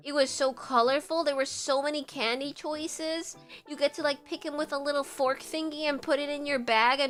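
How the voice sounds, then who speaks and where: A woman's voice: high voice, steady tone, fairly quick, fairly bright tone, soft background music. A young woman from Puerto Rico chatting casually on a livestream, giggly and rambling with lots of fillers. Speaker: streamer.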